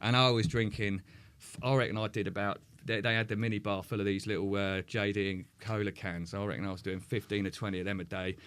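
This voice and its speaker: A man's voice: fairly low pitch, little pitch movement, fast, fairly bright tone, clear, resonant tone. A man, a podcast guest candidly recounting a hard personal story, swearing often and restarting his sentences.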